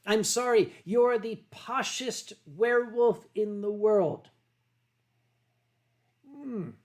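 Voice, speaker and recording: Man, stream host; loose, rambling, foul-mouthed chat, throat-clearing. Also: high-pitched, takes it slowly, a little mellow. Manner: rambling and profane, reads chat aloud, frequent throat clearing. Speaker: livestream host. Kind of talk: casual livestream chat while drinking.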